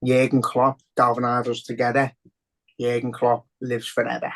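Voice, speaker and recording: A young man with a Scouse accent talks in a loose, sweary rant on a podcast. His voice sits at an ordinary middle pitch, and he sounds worked up as he rushes into his points. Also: monotone. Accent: Liverpool. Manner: heavy swearing, emotional and ranting. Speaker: podcast co-host. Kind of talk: casual podcast chat.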